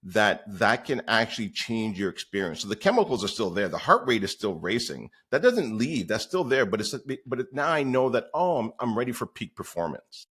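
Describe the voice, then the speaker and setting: A man's voice: on the low side, big pitch swings, normal speed, few pauses, fairly bright tone, husky. A man guesting on a podcast, telling stories in a rambling, conversational way with many fillers. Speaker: podcast guest, real estate coach. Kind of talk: conversational storytelling.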